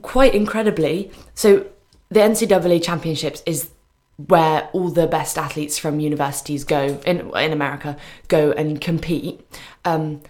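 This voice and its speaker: A woman's voice: sits low, fairly even intonation, normal speed, hardly any pauses, darkish tone. A young British woman chatting as a radio guest, hesitant with frequent ums and laughing asides. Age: young adult. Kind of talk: casual radio chat.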